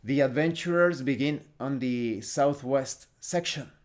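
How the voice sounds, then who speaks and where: A man's voice: mid-range voice, unhurried. A man hosting a solo tabletop game tutorial, explaining the rules and narrating the scene step by step with small restarts. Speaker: host and solo game player.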